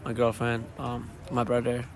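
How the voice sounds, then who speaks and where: A man, a DJ and show organizer, hoarse after losing his voice, talking tiredly in a casual post-show interview. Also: medium pitch, monotone, moderate pace, noisy background. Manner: tired, laid-back, rambling with fillers. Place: at a live event venue after a show.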